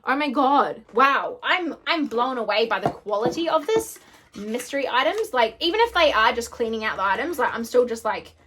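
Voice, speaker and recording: A woman's voice: a little high, animated, normal speed, fairly bright tone, slight background noise. Gushing, gasping woman beauty vlogger. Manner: gushing, gasps and squeals often. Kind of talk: excited unboxing chat.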